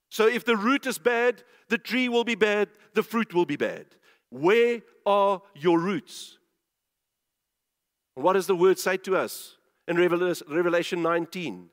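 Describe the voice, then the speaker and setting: A male preacher with a notably high voice delivers a sermon with emphasis, repeating phrases and asking the listeners questions. His words ring out with a long reverb.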